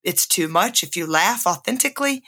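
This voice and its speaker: A woman's voice: fairly low pitch, lively intonation, normal speed, pushed and bright. A middle-aged woman hosting her own podcast, telling a candid personal story in a casual monologue and laughing often. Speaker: podcast host.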